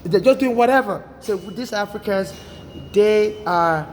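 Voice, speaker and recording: A man's voice: high-pitched, measured pace, slight background noise. Urgent rambling man in his forties. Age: 40s. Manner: rambling, urgent, repeats himself. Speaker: vlogger. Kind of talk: agitated personal monologue. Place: city streets and transit.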